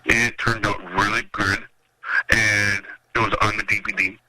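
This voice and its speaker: A Minnesota man who runs a metal festival speaks in a level, unhurried, sharp-toned voice during a casual interview recorded on noisy radio audio. His long stories ramble, and he acts out what others said by raising his voice.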